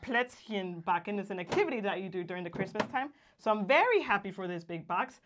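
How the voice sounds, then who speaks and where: A woman's voice: medium pitch, lively intonation, fast, background noise. A young woman from Guatemala co-hosting a casual livestream, reading viewer greetings aloud and laughing often. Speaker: co-host of a livestream.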